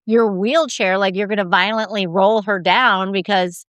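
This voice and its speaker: A woman hosting a casual podcast, quick to back up her guest with a "yeah" or "yes," and loose enough to let a mild curse slip. Her voice comes across smooth and clear in a dry, close recording. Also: mid-range voice, fairly even intonation, a bit bright, no room sound. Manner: casual and affirming, frequent "yeah", mild swearing. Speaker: podcast host.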